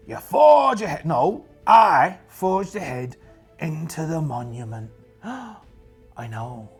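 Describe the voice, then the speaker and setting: A man rambles through a solo tabletop game in a put-on pirate accent, cracking jokes as he goes. His voice sits a little high and swings widely in pitch. It has a gravelly, husky grain. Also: very animated, slow pace, faint music behind. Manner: playful, rambling pirate talk with jokes and asides.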